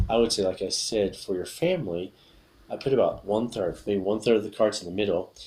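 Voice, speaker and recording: A man's voice: lowish voice, darkish tone, a little hiss or hum. A man teaching English vocabulary to children, explaining a card game and drilling words with gestures in a patient, repetitive way. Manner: patient, repeats words slowly for young learners.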